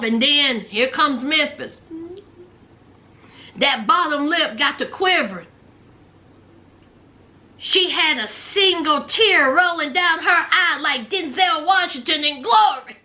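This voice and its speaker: A woman's voice: sits high, slow, pauses often, pushed and bright. A woman with a Southern US accent, recapping a reality TV show in casual, sassy storytelling with playful trash talk.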